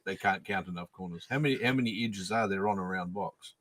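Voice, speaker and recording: A man hosting a livestream panel chat, answering silly questions with deadpan, absurd jokes. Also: low-pitched, brisk.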